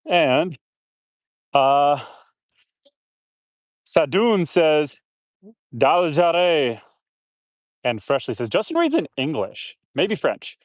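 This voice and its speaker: A man's voice: fairly high pitch, very animated, drawn-out words, pauses often, dry recording, clean studio sound. A man chatting casually on a live stream while doing outdoor chores on his homestead, rambling to viewers and his animals. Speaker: homestead livestreamer. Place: outdoors on a homestead, watering trees.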